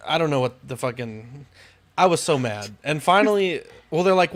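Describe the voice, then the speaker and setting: A man's voice: medium pitch, expressive, normal speed. A young man telling a frustrated story on a podcast, swearing often and breaking into exasperated outbursts. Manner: exasperated, swears a lot, rants with rising outbursts. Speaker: podcast co-host. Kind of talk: casual storytelling chat.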